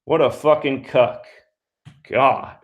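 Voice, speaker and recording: A man's voice: medium pitch, fairly even intonation, slow pace, phone-quality sound. Male call-in host, contemptuous, foul-mouthed, ranting. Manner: angry, scornful, swears constantly. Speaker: radio show host. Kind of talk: profane call-in show rant.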